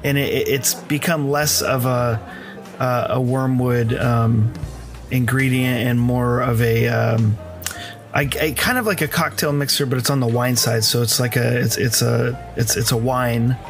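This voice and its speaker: A man's voice: medium pitch, fairly even intonation, a little slow, soft background music. An American man hosting a casual podcast chat, rambling with lots of fillers and easy laughs. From United States. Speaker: podcast host.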